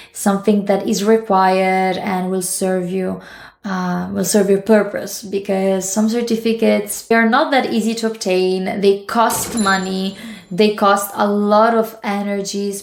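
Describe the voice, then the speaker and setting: A woman teaching English who talks casually to camera, explaining with quick examples and asides. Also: mid-range voice, vocal fry. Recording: echoey room.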